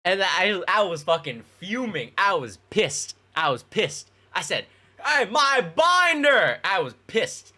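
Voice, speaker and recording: A man's voice: sits high, lively intonation, unhurried, few pauses, pushed and bright. A young man casually telling childhood stories to his stream chat, rambling and swearing with plenty of fillers. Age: young adult. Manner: rambling, profane, lots of fillers.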